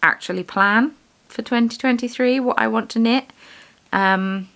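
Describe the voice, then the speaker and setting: The voice is fairly high and fairly bright, with vocal fry and a measured pace. It belongs to a young woman vlogger, yarn dyer, and shop owner who chats casually during bead weaving, rambling and self-deprecating.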